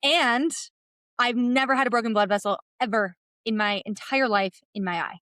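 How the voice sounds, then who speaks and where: A woman hosting a podcast, telling stories in an animated way and laughing often. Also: on the high side, moderate pace, dry recording. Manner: animated storytelling, laughs often, many likes. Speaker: podcast host. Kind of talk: casual chat.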